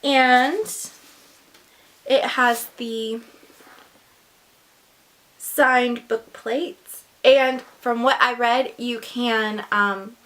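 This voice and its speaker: A woman chatting casually through an unboxing, gushing and excitable, with gasps and whispered asides. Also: fairly high pitch, very slow, long pauses. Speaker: book vlogger.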